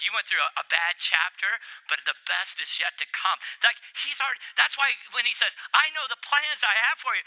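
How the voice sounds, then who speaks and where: An older man preaching a sermon, animated and playful, getting worked up as he speaks. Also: high voice, poor audio. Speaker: pastor.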